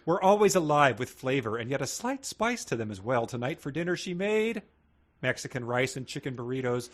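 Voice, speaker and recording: A man's voice: mid-range voice, big pitch swings, fairly quick. Male podcast co-host, 30s, dry jokester, reads excerpts with mock gravity. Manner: wry, joking, mock-dramatic readings. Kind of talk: casual book-riffing chat, reading passages aloud.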